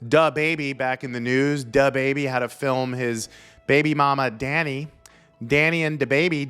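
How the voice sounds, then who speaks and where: A man's voice: medium pitch, lively intonation, normal speed, a bit bright, smooth, faint music behind. Sarcastic male comedy show host. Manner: sarcastic, jokey riffing. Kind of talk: comedic pop-culture commentary.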